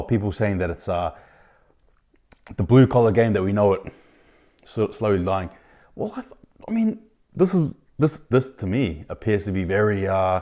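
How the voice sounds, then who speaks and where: A man hosting his own rugby league podcast, giving indignant opinions in a ranting style, with sudden loud outbursts of disbelief. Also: on the low side, very animated, moderate pace, pauses often. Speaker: podcast host. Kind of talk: opinionated sports commentary.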